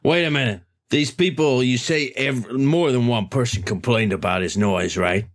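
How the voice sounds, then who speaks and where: Man playing a grizzled, deadpan detective. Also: medium pitch, moderate pace, natural voice. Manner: dry, grumbling, deadpan. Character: grizzled world-weary male detective, 1940s. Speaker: player.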